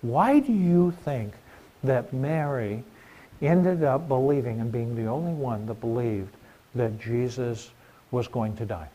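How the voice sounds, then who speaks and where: A man's voice: mid-range voice, lively intonation, a little slow, dark tone. A middle-aged man preaching a sermon in a conversational way, asking the congregation questions.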